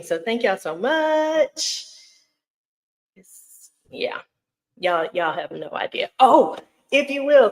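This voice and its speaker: A woman's voice: mid-range voice, rough recording. Chatty woman hosting a livestream. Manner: chatty and effusive, greets viewers by name, laughs often; rambling with many fillers and restarts. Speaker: vlogger hosting a live Q&A. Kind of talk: casual live-stream chat.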